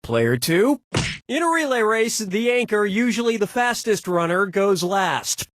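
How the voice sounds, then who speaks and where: A man's voice: sits high, very animated, a little slow, heavy background noise. A man hosting a comedy quiz video game, sarcastic and teasing the players between questions.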